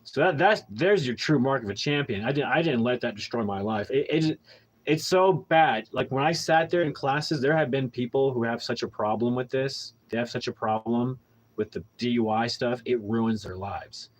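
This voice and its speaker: A man's voice: medium pitch, moderate pace, rough recording. Man telling a story, candid and rambling. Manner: candid storytelling with heavy profanity; rambling with frequent restarts and fillers. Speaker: podcast host. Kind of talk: casual monologue.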